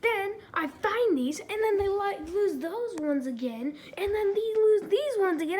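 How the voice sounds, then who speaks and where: High-voiced woman teasing her dogs. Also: expressive, unhurried, hardly any pauses, a little mellow. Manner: playful, teasing, talks straight to her dogs. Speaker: vlogger filming her pet dogs. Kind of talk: casual off-the-cuff chatter. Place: indoors at home. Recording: noisy home video recording.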